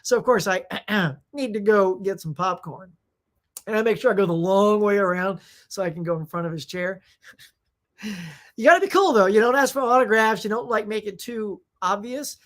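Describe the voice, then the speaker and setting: An excitable woman hosts a live-stream movie chat, reading viewer comments aloud and riffing on them. She rambles in loose, slangy talk, laughing as she goes. Her pitch sits in an ordinary middle range. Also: moderate pace.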